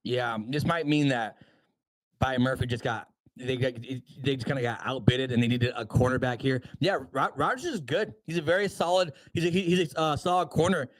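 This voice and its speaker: A man co-hosting a casual sports livestream, rattling through news items with quick offhand asides. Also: medium pitch, no echo, low-quality recording. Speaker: podcast co-host.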